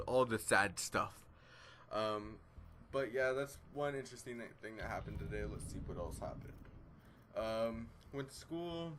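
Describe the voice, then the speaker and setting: A man's voice: fairly low pitch, fairly bright tone, a little hiss or hum. A teenage boy telling a rambling story in casual chat over gameplay, full of fillers and self-deprecation. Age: teens. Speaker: gaming vlogger.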